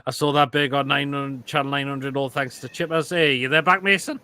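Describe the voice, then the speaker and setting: A man's voice: mid-range voice, fairly even intonation, a little fast, sharp tone, smooth. A man, hosting a casual live stream and giving crude, blunt verdicts on viewers' food photos between laughs.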